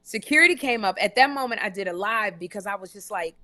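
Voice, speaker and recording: Woman, comedian host, live-stream storytelling, emphatic and animated, bright ringing voice, dry close sound. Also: medium pitch, fast, no echo. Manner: animated, emphatic, repeats herself. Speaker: talk show host and comedian. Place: hotel room.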